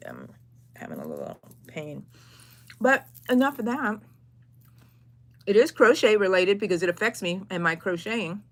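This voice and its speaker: A middle-aged woman, chatting casually on a crochet livestream from her craft room and greeting viewers by name. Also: fairly low pitch. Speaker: crochet channel host.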